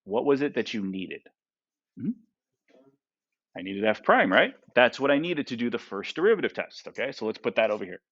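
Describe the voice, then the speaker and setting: A man's voice: mid-range voice, sing-song, normal speed, pauses often, fairly bright tone, muffled recording. A man teaching a math class, who keeps asking his students questions and tags his points with "right?" and "okay?". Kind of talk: classroom lecture.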